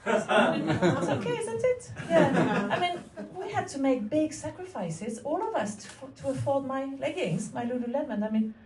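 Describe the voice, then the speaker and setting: A woman's voice: high-pitched, very animated, normal speed, a loud crowd. A woman in her forties performing a stand-up comedy set, with wry, mock-innocent rhetorical asides and audience laughter behind her. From France. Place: comedy club stage. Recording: echoey room, mic at a distance.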